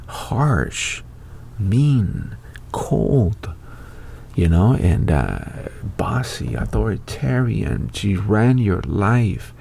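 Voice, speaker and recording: A middle-aged man hosting his own online show speaks with a warm, gravelly voice on the low side, tinged with breathiness. He delivers a loose, wandering monologue riddled with fillers and restarts.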